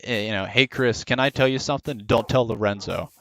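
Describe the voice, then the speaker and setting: A man's voice: medium pitch, brisk, a bit bright, lightly acted. A man voicing a hot-headed young gym guy who stammers out boastful threats. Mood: menacing.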